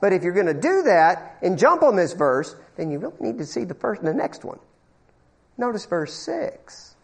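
A man preaching a sermon in church to a congregation. He asks the room questions, repeats words as he builds, and swings between loud bursts and low, quiet passages. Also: normal speed, creaky, slightly rough. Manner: animated, call-and-response questions, stammering repeats. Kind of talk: evangelical sermon.

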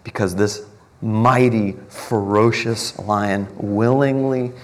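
A man preaching a morning sermon as pastor, earnest, building up emphasis and then slowing and softening on key words. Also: fairly low pitch, fairly even intonation.

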